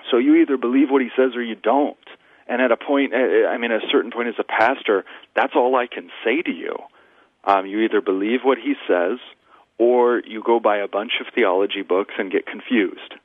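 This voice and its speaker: A man's voice: medium pitch, normal speed, no echo. A man, a Lutheran pastor, speaking as a guest in a radio interview with an emphatic, preaching cadence and rhetorical repetition. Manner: emphatic, repeats phrases for rhetorical build-up. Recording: tinny phone line.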